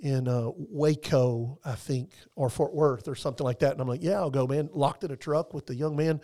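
A man's voice: medium pitch, fairly even intonation, moderate pace, warm tone. A man, a guest talking earnestly in a casual conversation, heartfelt and rambling with many restarts and fillers.

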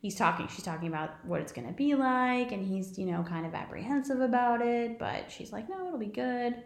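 A woman's voice: mid-range voice, animated, brisk, creaky. A woman co-hosting a podcast, chatting casually and rambling about movies, swearing now and then. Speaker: podcast co-host. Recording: roomy echo.

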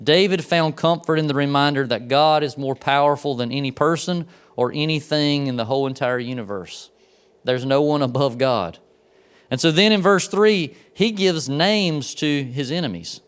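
A man's voice: on the high side, normal speed, smooth. A man preaching a sermon in a conversational way, talking straight to the congregation and making asides to them. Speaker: pastor.

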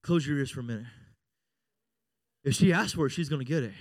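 A man's voice: medium pitch, fast, a little mellow, no echo, clean studio sound. A middle-aged man preaching a sermon as a pastor, joking and conversational, often asking the congregation for an amen. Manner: jokey, conversational preaching with frequent call-outs for amen.

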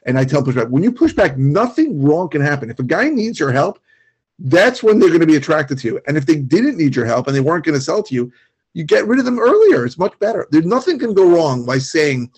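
A man's voice: fairly high pitch, animated, fast, a little mellow, slightly rough. A man with a New York accent co-hosting a podcast, explaining things emphatically and repeating himself as he goes. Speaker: podcast co-host, real estate investor. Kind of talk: casual podcast chat.

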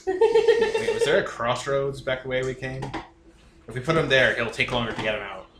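Joking man player, animated voice. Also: medium pitch, moderate pace. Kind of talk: tabletop game chat. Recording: roomy recording, faint hiss.

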